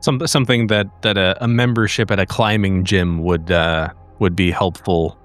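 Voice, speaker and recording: A man with a very deep voice speaks as a player at a tabletop game. He keeps his remarks dry and wry, with faint music behind him. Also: fairly even intonation, moderate pace, fairly bright tone. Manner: wry, dry jokes about his character. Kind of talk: casual tabletop play.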